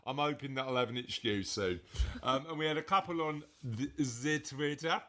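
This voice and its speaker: A man's voice: mid-range voice, normal speed, pushed and bright. A man hosting a casual podcast with his daughter, reading out listener answers in a jokey, rambling way and laughing at them. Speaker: podcast host; father of co-host.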